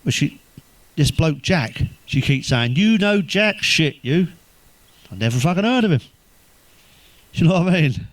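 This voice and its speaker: A man's voice: a little high, darkish tone, no room sound, low-quality recording. A man telling crude jokes in a stand-up monologue, swearing constantly and laughing at his own punchlines. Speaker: stand-up comedian.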